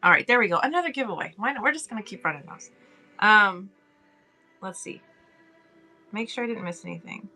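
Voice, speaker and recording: A woman's voice: mid-range voice, lively intonation, fairly quick, pauses often, pushed and bright. Chatty woman hosting a livestream. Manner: chatty, friendly, reads chat aloud, laughs often. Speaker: livestream host. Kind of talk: casual livestream chat.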